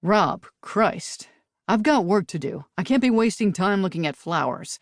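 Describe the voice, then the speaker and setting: Woman doing a gruff, impatient male marshal. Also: medium pitch, expressive, measured pace, no room sound, studio quality. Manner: curt, impatient.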